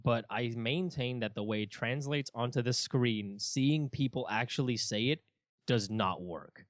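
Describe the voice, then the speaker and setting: A young man in his twenties co-hosting a casual podcast, dry and sarcastic, quick to laugh. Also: mid-range voice, dry recording. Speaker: podcast co-host. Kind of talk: casual chat.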